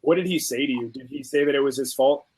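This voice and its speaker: A young adult man and host of a food channel, chatting casually and telling a story with lively acted-out quotes. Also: medium pitch, quick pace, breathy edge, low-quality recording. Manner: animated storyteller, acts out quotes.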